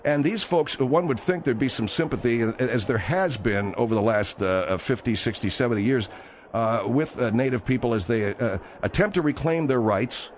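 A man hosting a comic talk radio show from a studio, brisk and wry, often cutting his guests off. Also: mid-range voice, a little hiss or hum. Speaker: radio host.

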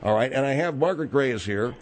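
A man's voice: mid-range voice, lively intonation, fast, slight background noise. Needling male radio talk host. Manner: probing, needling. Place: radio studio.

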